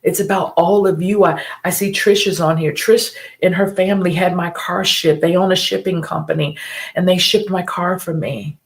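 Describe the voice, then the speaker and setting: A woman's voice: fairly low pitch, fairly even intonation, moderate pace, vocal fry. A middle-aged woman hosting a live stream, telling a personal story in an earnest, emphatic way and repeating key phrases.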